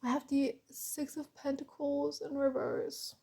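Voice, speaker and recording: A woman's voice: high-pitched, level tone, a little slow, gravelly, dark tone. A woman from Germany giving a tarot reading, tired and openly frustrated, with sighs and frequent restarts. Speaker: tarot reader.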